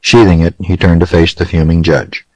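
A man narrating a western audiobook in measured, dramatic storytelling. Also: low-pitched, flat delivery, no room sound, low-quality recording.

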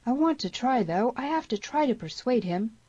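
A woman narrator puts on a young frontier woman who pleads with her whole heart. Her voice sits a little higher than the narration and carries urgent feeling. The storybook recording is dry and slightly dull. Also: animated, moderate pace, dark tone, slightly rough, no echo. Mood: earnest. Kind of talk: audiobook character voice.

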